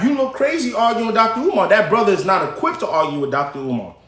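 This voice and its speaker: Man, live-stream host, high voice, casual chatty commentary, roomy echo. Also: expressive, brisk, few pauses, fairly bright tone. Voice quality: casual, chatty, talks to viewers directly.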